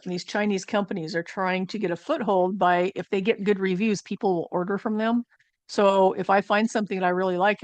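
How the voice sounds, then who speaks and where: A woman's voice: mid-range voice, dry recording. A woman at home chatting through a casual product haul review for her channel, rambling with fillers and asides. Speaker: channel host.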